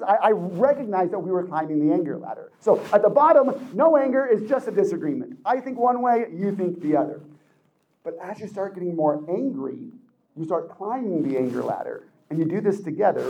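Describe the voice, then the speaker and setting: A man with a high, soft-edged voice speaks to a young audience in an animated motivational talk. He jumps into quoted voices and laughs often as he explains. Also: low-quality recording. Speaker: speaker addressing teens.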